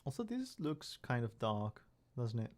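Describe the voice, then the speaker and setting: A young man with a medium-pitched voice talks loosely through a live stream at home. He rambles, restarts his sentences and pokes fun at himself, speaking into a desk microphone. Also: very animated, a little slow, darkish tone. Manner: rambling, self-mocking, many restarts. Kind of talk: casual live stream chat.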